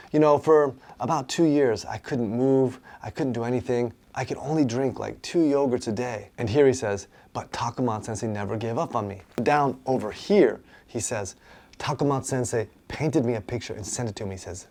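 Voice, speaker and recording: A man's voice: medium pitch, a little mellow. A man, a martial arts instructor, casually and enthusiastically explaining a manga page by page, often asking "right?".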